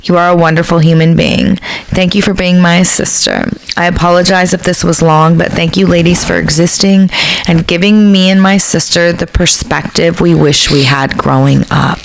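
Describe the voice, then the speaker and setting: A woman's voice: fairly low pitch, lively intonation, normal speed, creaky, a little hiss or hum, rough recording. A woman co-hosting a podcast in casual chat, blunt and swearing freely. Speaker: podcast co-host.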